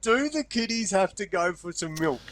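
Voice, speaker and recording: An Australian man co-hosting a podcast, chuckling through quick, casual banter. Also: high-pitched, sing-song, fairly bright tone. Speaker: podcast co-host. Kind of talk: casual chat. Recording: live show with crowd noise.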